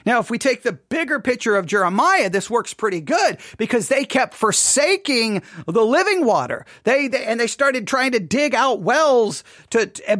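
A man's voice: extremely high pitch, a bit bright, dry recording, studio quality. A man leading a Bible study in a conversational way, thinking aloud and putting questions to his listeners. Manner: thinks aloud, asks listeners questions, mimics in quick bursts.

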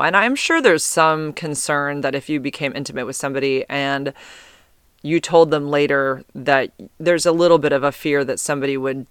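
A man speaking in a casual personal monologue, rambling through fillers and restarts and getting heated, with swearing for emphasis. His voice sits a little high and sounds smooth and clean. The recording is dry and close, with no room echo. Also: moderate pace, fairly bright tone.

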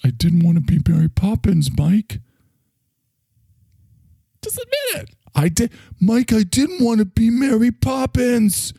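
A man's voice: fairly high pitch, wildly swooping pitch, a little slow, vocal fry, long pauses, warm tone, slightly rough, dry recording, clean studio sound, heavily acted. A man voicing a whiny, touchy little lavalier microphone character who protests at being pushed. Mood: protesting.

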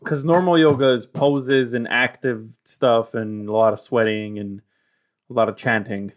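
A man's voice: medium pitch, fairly even intonation, unhurried. A man in casual conversation, blunt and chatty, casually swearing and often restarting sentences. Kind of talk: casual chat.

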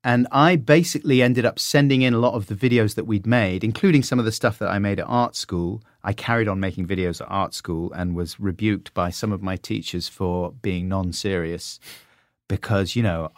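Animated middle-aged Englishman telling stories. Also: a little fast, no room sound, clean studio sound. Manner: animated, self-deprecating, lively swings in pitch. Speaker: interview guest. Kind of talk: relaxed anecdotal storytelling.

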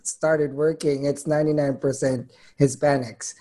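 A man's voice: on the high side, steady tone, unhurried, mellow. A man with a Filipino accent, a guest in an interview, telling a story in an amused, good-humored way. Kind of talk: casual interview answer.

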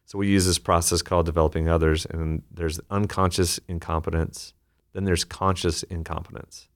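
A man being interviewed as a leadership author, telling stories in quick animated bursts. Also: deep voice. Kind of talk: podcast interview conversation.

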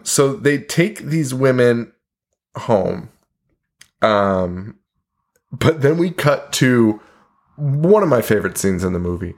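A man co-hosting a podcast in casual chat, animated, laughing often and swearing. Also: mid-range voice. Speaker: podcast co-host.

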